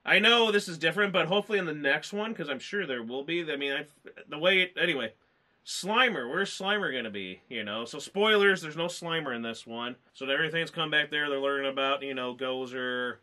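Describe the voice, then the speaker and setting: A man co-hosting a casual movie review, rambling and excited, often laughing. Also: a little high, fairly quick.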